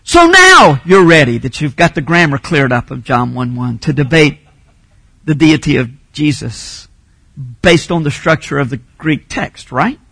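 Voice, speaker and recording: A man preaching a teaching sermon with a high, bright voice. He explains grammar patiently, then drives his main points home with loud emphasis. The sound is dry and close. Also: very animated, unhurried, creaky, slightly rough, dry recording. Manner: teaching, emphatic, rises to shouting on key phrases. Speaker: pastor.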